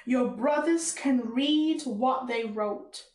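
A man's voice: very high voice, takes it slowly. A woman reading as a stern old patriarch, Caribbean accent. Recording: roomy echo.

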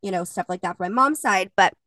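A woman's voice: medium pitch, fast, bright, forceful tone, no room sound, distant mic. A young adult woman co-hosting a podcast in casual chat, laughing often and swearing offhandedly. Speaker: podcast co-host.

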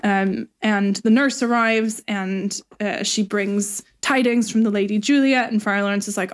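Steady in tone and a touch slow, this woman's mid-range voice carries a laughing, chatty rundown of a play's story. As a podcast co-host, she loosely paraphrases the lines and tosses in irreverent remarks.

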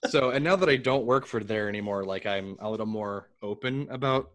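A fairly low-voiced man from New York chatting as a podcast guest. He tells stories animatedly and restarts his sentences often. His pacing is loose and conversational. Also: a little fast. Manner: animated storyteller, frequent restarts. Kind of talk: casual interview chat.

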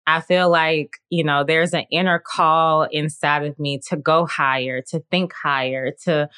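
A woman's voice: deep voice, fairly even intonation, unhurried, sharp tone, clear, resonant tone. A woman in her late twenties hosting a faith-based solo podcast, talking in an earnest, encouraging and reflective way with lots of "like" and "you know". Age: late 20s. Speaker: podcast host.

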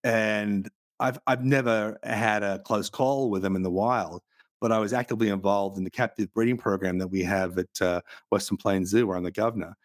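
A man's voice: fairly low pitch, fairly even intonation, normal speed, dry recording, clean studio sound. A man hosting a podcast, telling vivid anecdotes in casual chat with some swearing. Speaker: podcast host.

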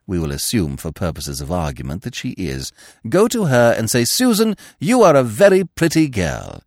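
A man reading a story voices a suave, verbose young gentleman with a florid, ironic manner. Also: lowish voice, huge pitch swings, normal speed, no echo, studio quality, heavily acted. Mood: urbane.

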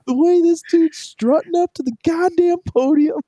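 A man voicing an exasperated middle-aged football fan father who curses and shouts at his son. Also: very high-pitched, moderate pace, dry recording, pitched above the performer's own voice. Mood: outraged.

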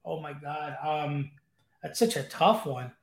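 A man's voice: on the high side, takes it slowly, vocal fry, echoey room. A man chatting casually as a podcast guest, talking eagerly and rambling with fillers. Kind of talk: casual chat. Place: room at home with guitars.

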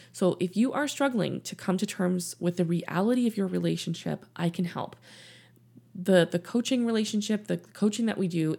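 A middle-aged woman hosting a podcast as a life coach, speaking in an earnest, personal and gently instructive way. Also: on the low side, creaky, breathy edge. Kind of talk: reflective podcast monologue. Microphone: studio mic in her office.

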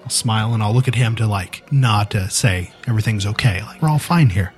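A man playing a tabletop role-playing game, speaking in a measured, mildly theatrical way. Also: fairly low pitch, soft background music. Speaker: player.

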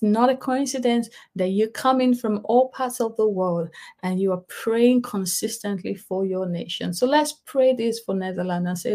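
A woman leading an online prayer meeting and preaching, earnest, rising on key phrases and softening at the ends. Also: mid-range voice, normal speed. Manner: earnest, rising on key words then dropping soft. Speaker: prayer leader. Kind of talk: prayer and sermon.

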